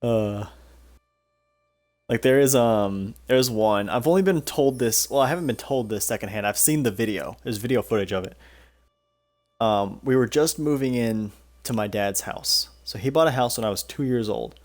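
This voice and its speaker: A man's voice: medium pitch, moderate pace. A young man streaming a game, telling stories in a rambling, profane way and laughing often. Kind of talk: casual storytelling while playing a game.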